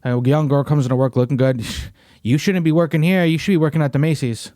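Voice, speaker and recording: A man's voice: a little high, fairly even intonation, fast, dark tone, no room sound, studio quality. A young man hosting a podcast, chatting casually in a slangy, rambling way full of "bro" and "you know what I mean". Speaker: podcast host. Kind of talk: casual chat.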